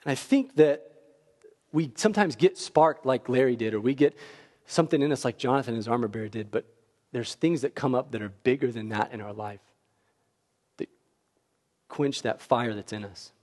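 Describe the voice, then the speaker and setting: A man preaching a sermon, telling a story with lively swings from quiet asides to near-shouting peaks. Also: medium pitch, normal speed, pauses often. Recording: long hall reverb.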